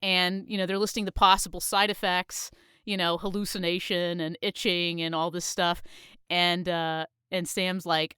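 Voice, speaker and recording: A woman co-hosts a casual podcast chat, her voice smooth and clear. She retells movie scenes with frequent laughs, recorded close and dry. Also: fairly low pitch, little pitch movement, moderate pace, pushed and bright, no echo. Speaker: podcast co-host.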